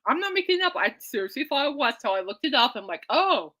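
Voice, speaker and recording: A woman's voice: high-pitched, big pitch swings, quick pace, bright, forceful tone. A woman hosting a podcast in casual, rambling chat, giggly and reacting to listener comments. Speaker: podcast host.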